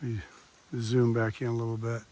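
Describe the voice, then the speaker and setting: A man's voice: medium pitch, completely flat delivery, a little fast, mellow, slight background noise. Chatty older man on a woodland trail. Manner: chatty, talks to viewers while walking. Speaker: vlogger. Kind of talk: casual hiking vlog. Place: wooded hiking trail outdoors. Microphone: camera mic, no external microphone.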